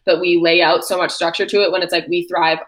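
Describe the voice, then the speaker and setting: A young woman co-hosting a podcast, chatting bluntly and excitably, swearing often. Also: on the low side, fast talker. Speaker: podcast co-host. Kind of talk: casual podcast chat.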